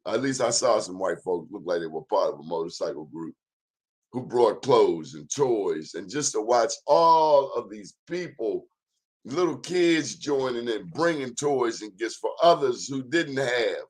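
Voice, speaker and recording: A man's voice: medium pitch, animated, measured pace. Male talk-show host; blunt, sermon-style delivery. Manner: emphatic, sermon-like, plainspoken and blunt. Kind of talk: preachy talk-show monologue.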